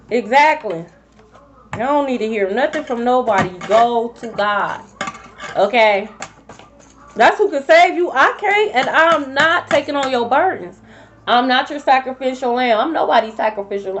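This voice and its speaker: A woman's voice: high voice, a little hiss or hum. A woman giving a casual tarot reading, blunt and profane as she talks straight to her viewers. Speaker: tarot reader. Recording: slightly dull lo-fi sound.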